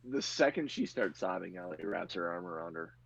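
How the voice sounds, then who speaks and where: A man narrating a tabletop game as game master, relaxed and chatty. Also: deep voice, fairly quick, vocal fry, a little hiss or hum. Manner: relaxed, chatty, laughs easily. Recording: lo-fi muffled audio.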